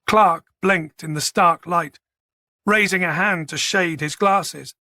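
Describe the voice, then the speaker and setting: A man narrating a thriller audiobook in a steady, measured way. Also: high voice, no room sound, studio quality. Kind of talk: scripted narration.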